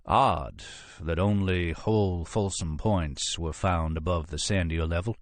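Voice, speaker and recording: A male narrator voicing a pale, courtly male FBI agent who speaks softly with an upper-class Southern accent and formal, unhurried phrasing. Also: low-pitched, no echo. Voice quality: soft, mellifluous, flowing. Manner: polite, languid, formal phrasing.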